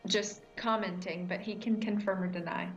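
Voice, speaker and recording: A woman's voice: medium pitch, steady tone, moderate pace. A woman hosting a live gaming stream from her room, chatting and teasing her co-host. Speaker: livestream host. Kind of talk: casual chat while gaming. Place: home room. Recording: dull lo-fi stream audio with faint music.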